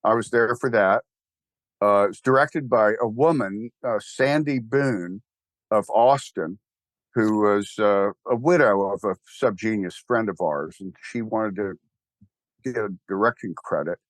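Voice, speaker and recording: An older man with a Texan accent, an interview guest talking casually in a rambling, animated and wry way. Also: fairly low pitch, measured pace, no echo. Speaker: interview guest, church founder.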